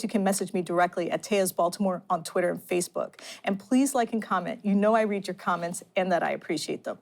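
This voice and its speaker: A woman hosts an investigative news show in a measured, earnest manner. She reads her script at a middling pitch for a woman. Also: darkish tone. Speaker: host.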